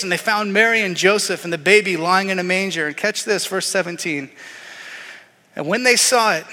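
High voiced guy preaching, acts out the voices, big echoey church. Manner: animated storytelling, acts out voices. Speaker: pastor. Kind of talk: sermon.

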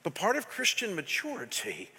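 A man's voice: high voice, huge pitch swings, moderate pace, creaky, sharp tone, husky. Passionate man preaching in a reverberant church. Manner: passionate, emphatic, asks the congregation questions. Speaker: pastor. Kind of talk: sermon. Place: church sanctuary. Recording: long hall reverb.

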